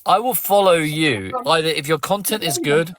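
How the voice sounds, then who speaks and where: A man's voice: on the high side, normal speed, crowd noise. An English man hosting a live phone-in stream in a casual, blunt and confrontational way. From England. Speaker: live stream host taking callers.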